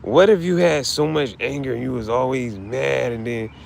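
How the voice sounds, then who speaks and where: A man's voice: mid-range voice, moderate pace, vocal fry, darkish tone, a little hiss or hum. A man talking casually and emotionally, grieving, swearing and repeating himself in slang. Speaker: streamer.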